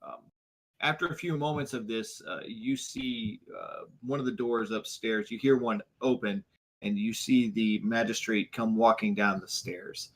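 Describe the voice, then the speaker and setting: A man narrating as game master of a tabletop game, hesitant with many pauses. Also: on the low side, poor audio. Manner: hesitant, full of ums.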